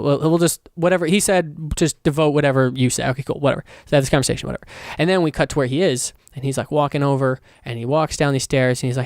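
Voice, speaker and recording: A man hosting his own podcast, rambling casually and excitedly with plenty of swearing. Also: medium pitch, fast talker, few pauses, clean tone, no echo, studio quality. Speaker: podcast host.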